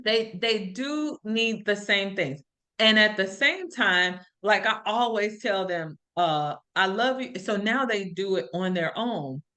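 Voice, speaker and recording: A woman's voice: mid-range voice, animated, slow pace, sharp tone. A middle-aged woman hosting a podcast, telling stories in an earnest, reflective way in casual conversation. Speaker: podcast host.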